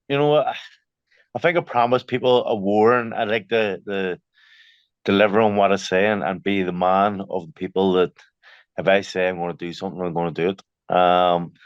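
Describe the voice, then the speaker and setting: A young boxer in a casual interview, chatty, telling stories with many fillers and restarts. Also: male voice, deep voice, clear, resonant tone, dry recording, lo-fi sound.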